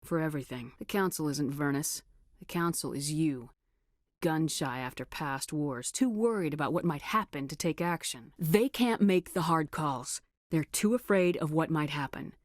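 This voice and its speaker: A woman's voice: deep voice, moderate pace, no echo, clean studio sound, natural voice. An actress playing a blunt, tough female starship commander in a video game, speaking in clipped military style. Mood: earnest. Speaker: commanding officer.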